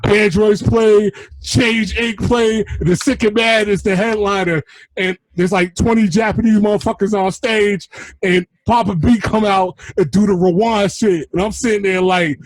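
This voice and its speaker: A man from New telling stories in a casual chat, animated and profane, acting out what people said. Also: high voice, normal speed, dry recording. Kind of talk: casual storytelling.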